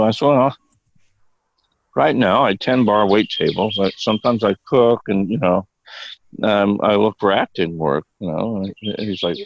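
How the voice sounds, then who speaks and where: An older man with a lowish, gravelly, slightly slow voice appears as a guest actor on a podcast. He tells rambling, profane anecdotes in a casual storytelling style and laughs often, and the recording sounds dull and dry with no echo.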